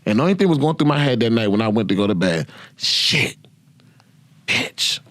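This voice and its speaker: A man hosting his own podcast, telling profane, animated stories about his past and laughing often. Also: on the low side, rapid-fire, no echo. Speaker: podcast host. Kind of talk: casual storytelling.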